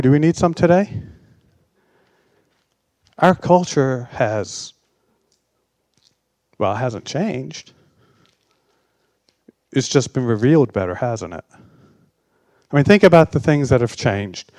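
A man's voice: medium pitch, expressive, slow, pauses often, a little mellow, no room sound. A man in his sixties preaching a sermon, telling a personal story in a wry, sarcastic way. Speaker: pastor.

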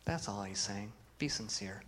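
A man's voice: on the low side, normal speed, a bit bright, slight background noise. A man preaching a sermon as pastor, earnest, reading scripture with emphasis and putting questions to the congregation.

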